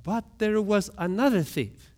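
A man preaching a sermon, moving between hushed low lines and sudden raised outbursts, often asking his listeners questions. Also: expressive, unhurried. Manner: asks the congregation questions. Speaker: pastor.

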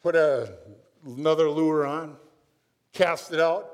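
A man's voice: fairly high pitch, takes it slowly, long pauses. Man preaching in a reverberant hall. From Minnesota, USA. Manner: storytelling, conversational, often adds "right?". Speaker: pastor. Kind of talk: sermon.

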